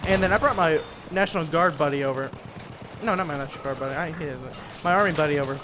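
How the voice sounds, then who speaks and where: A man's voice: fairly high pitch, fairly quick, noisy background. A young American man giving profane, rambling commentary while playing a game, jumping between topics with asides. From United States. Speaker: gaming commentator. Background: music and gunfire from a game.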